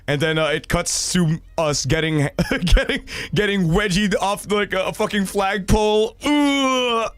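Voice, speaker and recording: Reading stories sent by viewers, this young adult livestream host reacts in a lively, meandering way, swearing and using lots of fillers. He speaks at a moderate pace in a high-pitched voice, with no room sound.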